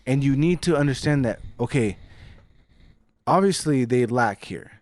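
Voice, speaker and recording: A man's voice: medium pitch, expressive, unhurried, a little mellow, dry recording, studio quality. A man co-hosting a podcast, speaking bluntly and matter-of-factly in casual chat. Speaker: podcast co-host.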